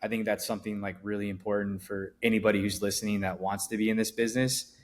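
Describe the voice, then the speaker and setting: In a casual interview, a middle-aged podcast guest, founder of an event company, rambles along with fillers and restarts. His voice is fairly low, his delivery flat, and he talks fast.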